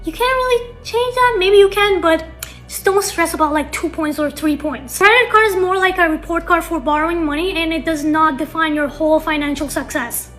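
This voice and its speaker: Very high, bright young woman. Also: a little fast, faint music behind. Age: 20s. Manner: earnest, reassuring. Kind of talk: explanatory vlog.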